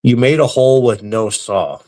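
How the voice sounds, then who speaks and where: A man hosting a live stream, reading viewer comments aloud and answering them with deadpan, crude, mock-serious jokes. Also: mid-range voice, normal speed. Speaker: livestream host reading chat. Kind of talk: casual live-stream banter.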